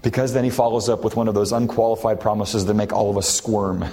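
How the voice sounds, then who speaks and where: A man's voice: lowish voice, fairly even intonation, fast, warm tone. A man preaching a sermon as a pastor, earnest and building to impassioned emphasis. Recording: long hall reverb.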